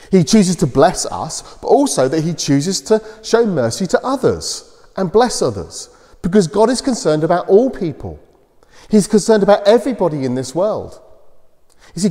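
A man preaches a children's talk, his fairly high voice rising and falling in lively swings as he retells a Bible story. His tone stays soft and mellow, explaining things in plain terms. The sound carries a long reverb from the church. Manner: animated storytelling with simple explanations.

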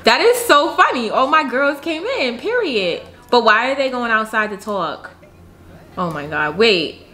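A woman's voice: sits high, expressive, unhurried, bright, forceful tone. Chatty, slangy woman gamer. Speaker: gaming youtuber. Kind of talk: casual let's-play commentary.

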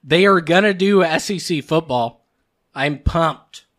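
A man's voice: on the high side, normal speed, fairly bright tone. A man co-hosting a podcast in casual comedic chat, teasing and joking with his friends. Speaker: podcast co-host.

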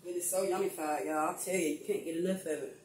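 A woman's voice: on the low side, steady tone, fast, darkish tone, slight background noise. An older woman chatting casually to viewers as she cooks in her home kitchen, calling them y'all. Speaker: cooking vlogger. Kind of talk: casual home cooking vlog. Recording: echoey room, mic at a distance.

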